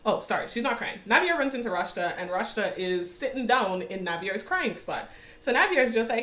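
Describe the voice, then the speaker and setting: A young woman casually recapping a series, sassy and animated, with slang and quick asides. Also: on the high side, echoey room. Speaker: recap vlogger.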